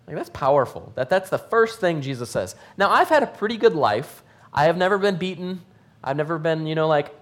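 A man giving conversational Bible teaching, asking his listeners questions and thinking aloud with fillers. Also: a little high.

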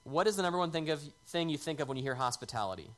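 A man's voice: a little high, lively intonation, very fast, fairly bright tone. A man preaching a sermon in a conversational way, lifting his voice on key words. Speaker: pastor.

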